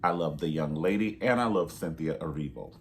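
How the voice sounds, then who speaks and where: Man, very low voice, sassy, emphatic, casual movie review monologue. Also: a little fast. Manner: sassy and emphatic, with pet names and repetition.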